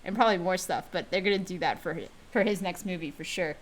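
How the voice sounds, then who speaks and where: A woman hosting a casual chat stream, animated and laughing often. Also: lowish voice, fast talker. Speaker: host.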